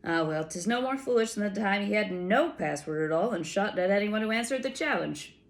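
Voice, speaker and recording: A woman voicing a gruff, blustering giant outlaw man with rough old-fashioned speech. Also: medium pitch, expressive, brisk, lightly acted.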